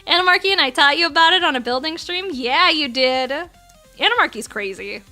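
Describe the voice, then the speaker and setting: A woman's voice: high voice, animated, brisk, pushed and bright, faint music behind. A woman in her thirties chatting casually on a livestream, playful, laughing often and swearing freely. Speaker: streamer.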